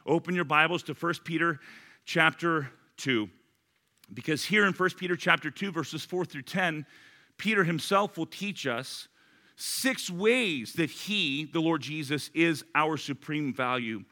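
Bright-voiced man preaching a lively sermon. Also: fairly high pitch, measured pace. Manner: animated storyteller, acts out both sides of a dialogue. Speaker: pastor. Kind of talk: sermon with a personal story.

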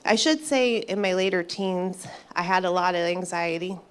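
A woman in her fifties giving a personal faith testimony to an audience, earnest and reflective, pausing and restarting as she speaks. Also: on the low side, clean tone. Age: 50s.

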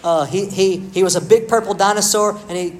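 A middle-aged man delivers a sermon like a chat with friends, poking fun at himself and calling on people in the pews. His voice sits a little high for a man. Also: steady tone, fairly quick, low-quality recording. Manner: conversational, self-deprecating, addresses the congregation by name. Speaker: pastor.

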